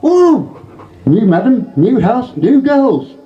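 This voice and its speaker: A man voicing a cheeky male parrot from a brothel, squawking in a shrill voice in a dull lo-fi recording. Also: sing-song, slow pace, exaggerated voice.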